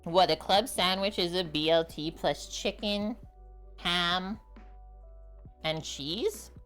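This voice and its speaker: Slow-talking woman chatting with her stream. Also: on the low side, fairly bright tone, faint music behind. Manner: chatty, laughs easily. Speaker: cooking livestream host. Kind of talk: casual chat with stream viewers.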